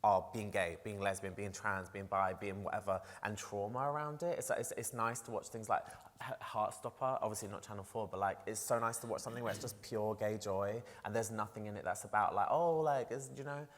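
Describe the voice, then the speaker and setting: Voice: medium pitch, steady tone, brisk. A trans presenter speaking on a festival panel, talking casually and passionately with many "like"s and restarts. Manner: casual, run-on speech full of "like" and restarts; passionate and emotional. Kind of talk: panel discussion. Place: festival panel on a stage in a large hall. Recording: long hall reverb.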